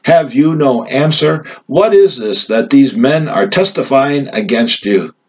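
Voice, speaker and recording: A man reading the lines of a stern high priest in a scripture reading, demanding and raised. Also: lively intonation, measured pace, breathy edge, dull audio. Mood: accusing.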